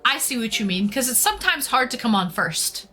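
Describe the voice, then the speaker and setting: A woman's voice: on the high side, sing-song, brisk, bright, forceful tone. A woman from Liverpool hosting a casual livestream, chatting and greeting viewers by name. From Liverpool, England. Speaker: livestream host. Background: faint background music.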